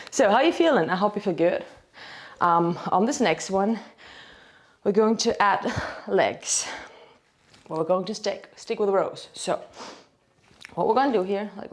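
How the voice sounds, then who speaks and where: A woman with as her leads a home dumbbell workout, a bit out of breath, chatty and self-deprecating, counting reps aloud. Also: mid-range voice. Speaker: fitness instructor. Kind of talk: casual workout instruction.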